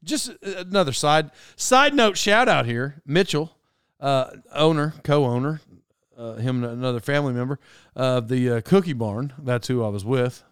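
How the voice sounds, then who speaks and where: A young man telling a casual story, talking fast and animatedly, cutting himself off and drifting into side notes. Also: medium pitch, smooth, dry recording, clean studio sound. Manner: animated, self-interrupting. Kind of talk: casual anecdote monologue.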